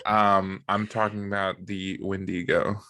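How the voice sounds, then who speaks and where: This is a podcast co-host, a man with a low voice who takes his time in a casual chat. He's relaxed and joking, reads from notes, and uses plenty of fillers; there's no echo on the recording.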